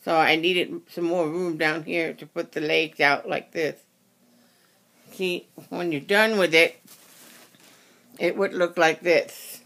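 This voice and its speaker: Craft tutorial host, casual and rambling, apologetic, unhurried pace, bright tense tone. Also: medium pitch, steady tone, gravelly. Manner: rambling, self-correcting, apologetic. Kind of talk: casual how-to demonstration.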